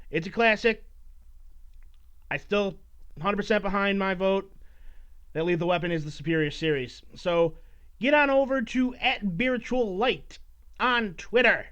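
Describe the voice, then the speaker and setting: A man's voice: sits high, a bit bright, smooth. A man hosting a casual solo podcast, rambling and swearing while he teases his listeners. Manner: rambling, profane, mock-scolding his listeners. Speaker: podcast host. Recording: dull lo-fi recording.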